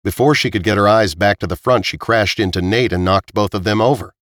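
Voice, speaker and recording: A male audiobook narrator with a very deep, low voice, reading in an even, measured way. The recording is close-miked and completely dry, with no room sound. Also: no echo.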